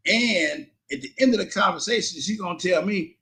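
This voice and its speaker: A middle-aged man telling a story on his livestream, animated and indignant, cursing and quoting both sides of an argument. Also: high-pitched, moderate pace, hardly any pauses. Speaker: livestream host.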